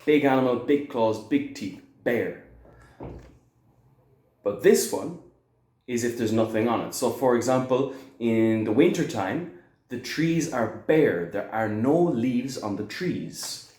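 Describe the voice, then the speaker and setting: A man's voice: medium pitch, animated, a little mellow. Man teaching English in an echoey room. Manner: explains slowly, stressing words, checks with "okay?". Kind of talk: video lesson.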